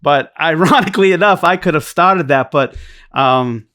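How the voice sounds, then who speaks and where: A man's voice: on the high side, moderate pace, sharp tone, dry recording, studio quality. A man guest on a podcast, telling a long story in a blunt, profane, rambling way. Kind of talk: casual storytelling chat.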